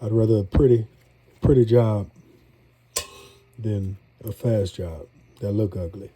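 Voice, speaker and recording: A man's voice: lowish voice, a little slow, mellow, a little hiss or hum. A middle-aged man, congested, chatting in a rambling, folksy way as he cooks for a vlog. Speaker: home cook. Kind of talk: casual cooking vlog.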